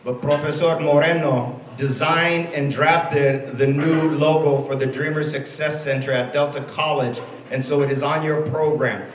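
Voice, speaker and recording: Distant emcee introducing speakers. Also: male voice, a little high, steady tone, unhurried. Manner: warm introductions with Spanish words mixed in. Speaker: master of ceremonies. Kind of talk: emceeing a ceremony. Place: event space at a college. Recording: echoey room from far off.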